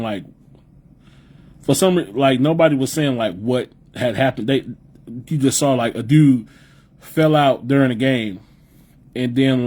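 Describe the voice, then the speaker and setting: Husky-voiced man rambling on a live stream. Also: medium pitch, darkish tone. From Midwest US. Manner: loose, profane, rambling, repeats himself. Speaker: podcast host reading live chat. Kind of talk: casual live-stream chat.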